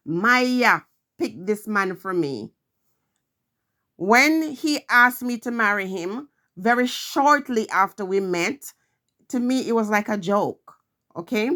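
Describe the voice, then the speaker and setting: A woman's voice: medium pitch, sharp tone. A middle-aged woman vlogging, telling a personal story in an earnest, emphatic way, repeating her phrases.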